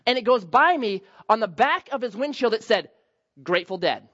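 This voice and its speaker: A man in his forties preaching a sermon, telling a personal story and acting out his younger self in lively bursts. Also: moderate pace, lo-fi sound. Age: 40s. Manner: animated, acts out his younger self with high excited outbursts. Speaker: pastor.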